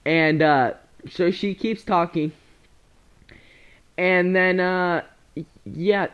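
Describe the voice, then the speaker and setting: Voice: medium pitch, steady tone, very slow, dull audio. Laughing, rambling young storyteller. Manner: rambling, laughs often, slangy. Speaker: storyteller vlogger. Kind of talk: casual storytime.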